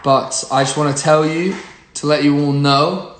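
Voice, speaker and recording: A young singer-songwriter chatting casually on a phone livestream, rambling with lots of fillers. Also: male voice, fairly high pitch, steady tone, normal speed, a bit bright. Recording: roomy echo, faint noise.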